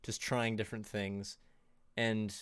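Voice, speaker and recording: A man's voice: lowish voice, flat delivery, slow pace, fairly bright tone, smooth, no room sound, clean studio sound. A man casually presenting tips on a livestream in a loose, chatty way, full of fillers and little laughs. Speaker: co-host presenting on sound design.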